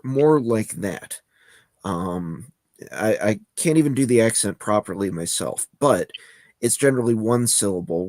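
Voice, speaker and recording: A man's voice: fairly low pitch, a little mellow, no echo, clean studio sound. A man co-hosting a talk show, explaining things in a rambling way. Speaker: co-host. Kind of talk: casual chat.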